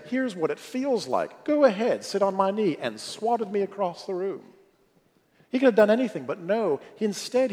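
Animated preacher man in a reverberant hall. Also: mid-range voice. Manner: animated, swings from loud to hushed. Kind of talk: sermon storytelling.

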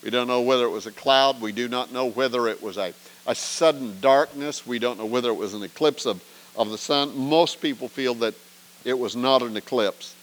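A man's voice: medium pitch, moderate pace, rough recording. A man teaching an evening Bible study as a pastor, earnest and emphatic, often asking rhetorical questions.

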